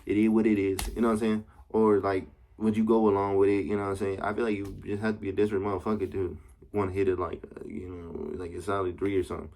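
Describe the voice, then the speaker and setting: A man's voice: low voice, flat delivery, fast, background noise. A young man telling a casual story time to camera, rambling and slangy with frequent swearing and constant check-ins with his listeners. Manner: slangy, rambling, profane, keeps asking "you know what I'm saying". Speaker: vlogger.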